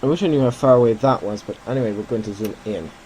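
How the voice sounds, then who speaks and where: A man's voice: medium pitch, fast, dark tone, a little hiss or hum, rough recording. A man giving casual commentary while playing a flight simulator, thinking aloud and correcting himself as he goes.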